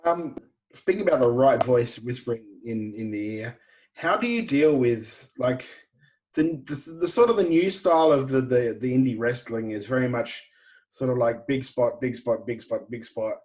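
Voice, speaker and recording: An Australian man hosting a podcast, asking casual, rambling questions in a relaxed conversational way. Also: mid-range voice, normal speed. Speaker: podcast host. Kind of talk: podcast interview.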